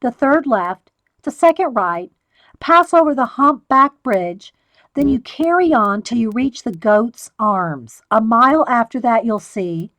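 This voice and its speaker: A man's voice: extremely high pitch, animated, unhurried, pushed and bright, no echo, full character voice. A woman reading aloud and voicing a mischievous little country man who gives rambling, folksy directions. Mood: sly.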